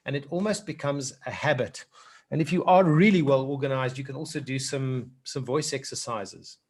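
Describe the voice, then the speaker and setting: A man's voice: mid-range voice, normal speed, darkish tone. A South African man talking to a speakers' group as a public speaking trainer. He wanders into anecdotes and keeps restarting his sentences. His voice sits in a middling range. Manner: rambling and anecdotal, with many restarts.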